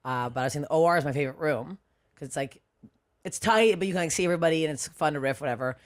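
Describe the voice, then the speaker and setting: A woman comedian telling stories in a casual podcast chat, animated, swearing freely and laughing often. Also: deep voice, rapid-fire. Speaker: comedian guest. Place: podcast studio.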